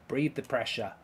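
A man commenting live on a football video game, swearing and reacting loudly to each play. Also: background noise. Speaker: YouTube gaming host.

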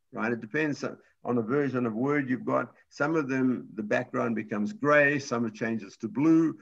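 A man's voice: medium pitch, creaky, fairly bright tone, muffled recording. A man teaching a computer class, explaining step by step in a patient way with frequent restarts. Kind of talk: live class lesson.

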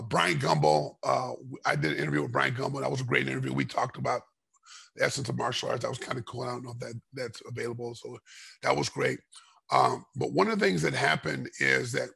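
Gravelly, breathy man telling a rambling story. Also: mid-range voice, animated, brisk. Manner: rambling, restarts a lot, gets loud and heated telling the story. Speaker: guest, former fighter. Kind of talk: storytelling interview. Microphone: podcast microphone.

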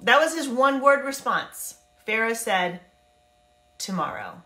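A woman with a fairly high, bright voice delivers a casual Bible lesson to camera. She is chatty and animated, slipping into quick asides. The room around her has a noticeable echo. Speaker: Bible teacher and life coach.

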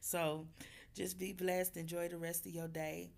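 A woman, hoarse from losing her voice, talking fervently to her viewers about faith and repeating phrases like a preacher. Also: fairly low pitch, level tone, measured pace. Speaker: vlogger. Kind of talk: casual faith talk to viewers.

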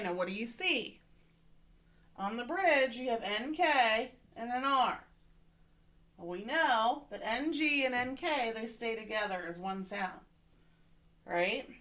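A woman's voice: mid-range voice, fairly bright tone. A woman teacher giving a remote reading lesson to children, patient and encouraging, often checking in with "okay?".

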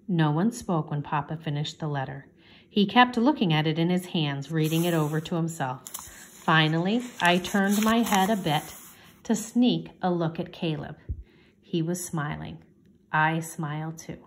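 Reading a chapter book to listeners, a woman uses a soft storytime manner and an unhurried delivery. Her voice is fairly low but lifts brightly for the children's lines.

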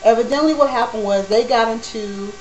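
Animated woman telling a personal story. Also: a little high, a little fast, slight background noise, rough recording. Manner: animated, acts out quoted dialogue.

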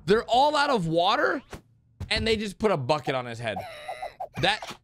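Excitable high-voiced man reacting to animations. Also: normal speed. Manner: excitable, cheers on and scolds on-screen characters. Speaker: reaction video host. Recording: noisy recording with clicks.

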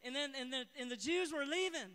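A woman, preaching and praying aloud, rambling and self-correcting, breaking into excited whoops. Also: high voice, fairly quick, big-room sound. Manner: exuberant, bursts into whoops of excitement. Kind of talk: sermon and spoken prayer. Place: church sanctuary.

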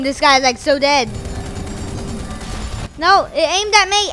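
High bright girl doing hyped gameplay commentary, lots of boom boom and here we go, faint music behind. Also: unhurried, long pauses. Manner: excitable, chants sound effects and repeated phrases. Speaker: gaming video host.

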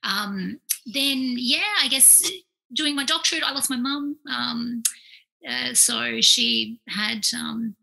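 Speaking slowly in a slightly high voice with vocal fry, this Australian clinical psychologist in her forties tells anecdotes during a podcast interview. She's animated and acts out the voices of the people she quotes. The recording is low quality.

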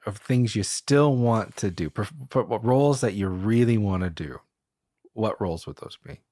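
A man's voice: lowish voice, animated, normal speed, warm tone, no echo, studio quality. A man hosting a podcast interview, easygoing and a bit rambling, joking about himself. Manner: easygoing, rambling, self-deprecating. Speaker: podcast host. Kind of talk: casual interview.

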